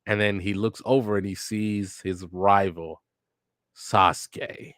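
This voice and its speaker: A young man with a fairly low voice reacts to a manga as he reads it aloud. His commentary is loose, joking and full of cussing. It is recorded dry and close, with no room sound. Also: flat delivery, moderate pace, dry recording. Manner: joking and profane, with sudden loud laughing outbursts. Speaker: podcast host reading a manga on air.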